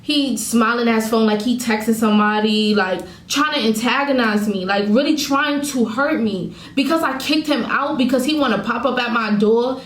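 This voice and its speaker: A woman's voice: a little high, moderate pace, hardly any pauses, echoey room, poor audio. A woman vlogger venting candidly to her viewers, telling a painful breakup story in her own words. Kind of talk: emotional storytime vlog.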